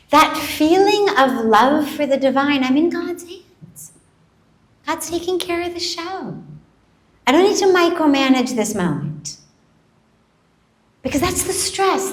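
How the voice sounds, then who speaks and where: Woman spiritual teacher, unhurried talk, rather high voice, echoing hall, live audience. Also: big pitch swings. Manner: slow, measured, gently emphatic teaching. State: coughing from a dry throat after singing. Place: large event hall.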